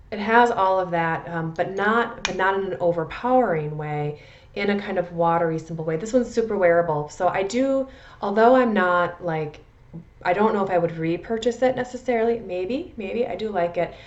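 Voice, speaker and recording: A woman's voice: on the low side, muffled recording. An American woman from the Midwest with a Midwestern accent, chatting casually and rambling a little as she reviews perfumes. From Midwest USA. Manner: chatty, rambling, self-deprecating, frequent restarts. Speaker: perfume vlogger.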